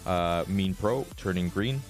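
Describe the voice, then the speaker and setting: Raspy low-voiced male streamer. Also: unhurried, soft background music. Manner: relaxed, swears, laughs often. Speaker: trading streamer. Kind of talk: casual live-stream chat.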